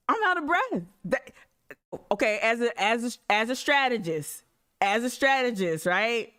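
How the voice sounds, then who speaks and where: A woman chats casually on a live stream, reacting with animated energy and addressing her audience directly. Her voice sits somewhat high. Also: clean tone. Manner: animated, laughing, talks straight to viewers. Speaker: livestream host. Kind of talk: casual livestream commentary.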